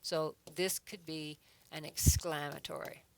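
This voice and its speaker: Woman teacher with a gravelly low voice. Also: fairly even intonation, measured pace, background noise. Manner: patient, explains step by step, reads example sentences aloud with emphasis. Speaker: adult education teacher. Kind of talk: online grammar lesson.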